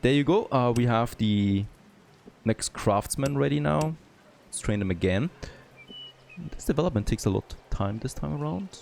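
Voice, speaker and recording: A man who is not a native English speaker, thinking aloud and getting excited as he comments on a city-building game. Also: medium pitch, moderate pace, gravelly, pauses often, a little hiss or hum. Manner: thinking aloud, easily excited, frequent "there you go". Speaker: gameplay commentator. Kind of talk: let's play commentary.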